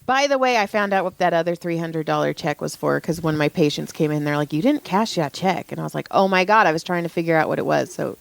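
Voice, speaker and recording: A woman's voice: deep voice, quick pace, creaky, hardly any pauses, dry recording. A young woman co-hosting a podcast, venting anecdotes in casual, profane chat. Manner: profane, animated storytelling. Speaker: podcast co-host, massage therapist.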